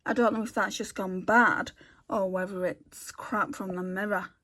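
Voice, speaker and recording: A woman's voice: mid-range voice, steady tone, moderate pace, fairly bright tone. A woman chatting casually as she swatches makeup for a beauty vlog, thinking aloud and correcting herself as she goes. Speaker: beauty vlogger.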